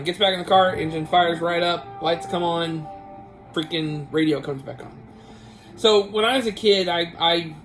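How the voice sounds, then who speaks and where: A man's voice: fairly high pitch, fairly bright tone, rough recording. A man hosting a casual vlog, telling a family story in a rambling way with many restarts. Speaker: vlog host. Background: guitar music.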